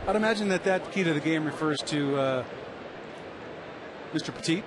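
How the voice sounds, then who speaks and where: An easygoing male color commentator chats through a baseball broadcast while eating. His voice sits a little high. Clear background noise runs under the audio. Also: moderate pace.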